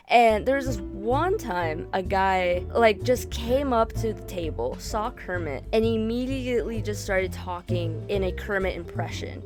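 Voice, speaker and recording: A woman's voice: medium pitch, expressive, moderate pace, few pauses, over music. A young woman artist chatting in a casual storytime vlog, full of "like" and "dude", laughing often. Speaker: artist vlogger.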